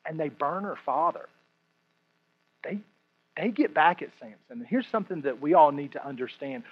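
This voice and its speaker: Man preaching, high-pitched voice, lively delivery, hushed then loud, muffled lo-fi recording. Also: normal speed. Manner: animated, swings between hushed and loud. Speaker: pastor. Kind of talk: sermon. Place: room with a congregation.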